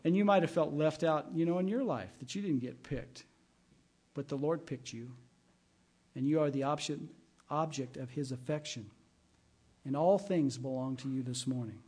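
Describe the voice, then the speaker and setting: A man's voice: fairly high pitch, moderate pace, a little mellow, husky. A middle-aged man, a pastor, giving a sermon in a conversational way and weaving in personal stories. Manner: conversational preaching with personal anecdotes.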